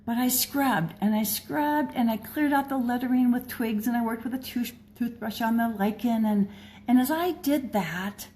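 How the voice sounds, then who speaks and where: Older woman, warm and soft-toned, sincere, unpolished personal talk with restarts. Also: on the high side. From American Midwest. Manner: gentle, earnest, with frequent restarts. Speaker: blogger and speaker.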